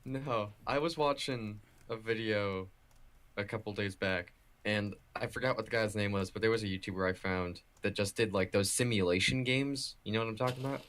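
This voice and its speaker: A man from the Chicago suburbs chatting casually on a gaming stream, relaxed and often replying briefly. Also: lowish voice, moderate pace.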